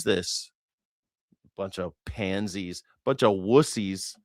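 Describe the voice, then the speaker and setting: Sarcastic, animated male commentator. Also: lowish voice, takes it slowly, dry recording. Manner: sarcastic, profane, mocking. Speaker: host. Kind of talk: casual political reaction commentary.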